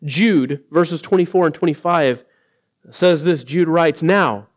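Earnest preaching man, slightly high voice. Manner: earnest preaching, slowing for emphasis and rising when quoting. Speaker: pastor. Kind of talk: sermon.

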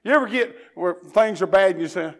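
A preacher from Tennessee with a Southern drawl and a high voice. He drops to a hushed, prayerful murmur, then climbs into loud, fervent preaching. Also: a little fast. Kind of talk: sermon.

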